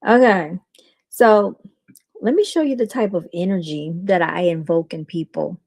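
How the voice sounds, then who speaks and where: A woman's voice: lowish voice, measured pace, vocal fry, darkish tone, no echo. A woman, a realtor, hosting a casual livestream, talking to her viewers as "y'all" and retelling conversations by acting out the other people's lines.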